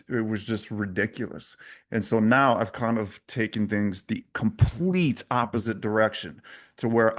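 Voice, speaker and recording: A man speaking as a guest in an interview, intense and emphatic, with a preacher-like drive. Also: on the low side. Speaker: podcast guest, coach. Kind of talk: candid interview talk.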